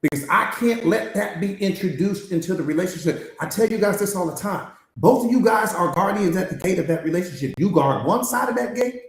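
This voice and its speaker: A man's expressive voice sits high and runs a little fast, with hardly any pauses, as he leads a live-streamed motivational master class. Emphatic, repetitive and slangy, he coaches on mindset through rhetorical questions, and the room echoes.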